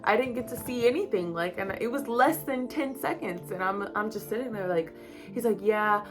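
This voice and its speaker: A young woman in her twenties talks straight to her viewers about something deeply personal. She rambles candidly, full of fillers and little asides, at a middle pitch. Faint music sits behind her voice. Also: moderate pace. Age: 20s. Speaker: vlogger. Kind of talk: personal storytelling to camera.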